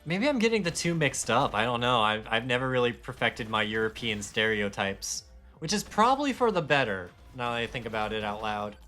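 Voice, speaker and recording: A man's voice: mid-range voice, big pitch swings, brisk, bright, forceful tone, soft background music. A man streaming a game live, chatting casually in a rambling, self-deprecating way. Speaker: gaming streamer. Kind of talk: casual live-stream chat while gaming.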